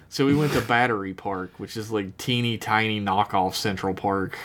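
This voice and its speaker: A man's voice: lowish voice, expressive, a little fast, few pauses, a bit bright, a little hiss or hum. A man co-hosting a podcast, rambling and self-deprecating in casual chat. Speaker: podcast co-host.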